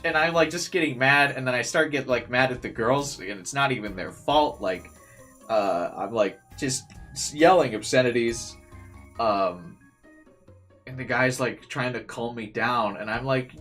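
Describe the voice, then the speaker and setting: Young male streamer, casual storyteller, mid pitch, lots of "like" and cursing, faint music under. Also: measured pace. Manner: animated, swears freely, many fillers.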